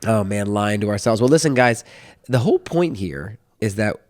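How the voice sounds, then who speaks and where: Low-voiced man telling church stories. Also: moderate pace. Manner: animated storyteller who acts out voices. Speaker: pastor co-hosting a sermon recap. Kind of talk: casual church podcast chat.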